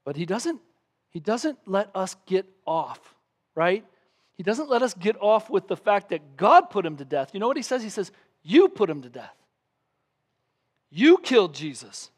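Male pastor with a high voice, animated pulpit sermon in church. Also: moderate pace. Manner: animated preaching, acting out scenes with raised voice.

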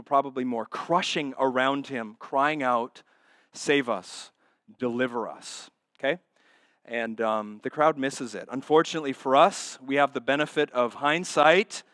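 A man preaching a sermon as pastor, moving between quiet asides and loud, emphatic passages, with repeated rhetorical questions to the congregation. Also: on the high side, dry recording, clean studio sound.

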